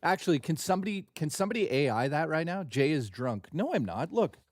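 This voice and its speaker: A man hosting a live reaction stream, joking loudly, swearing and rambling crudely at a desk mic. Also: on the high side, very animated, fast talker, slight background noise.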